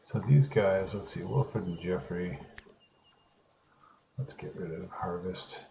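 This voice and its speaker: Deep gravelly guy mumbling along while he plays, swears a lot, faint hum behind. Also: takes it slowly. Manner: muttering, swearing to himself. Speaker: gamer. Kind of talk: casual gameplay commentary.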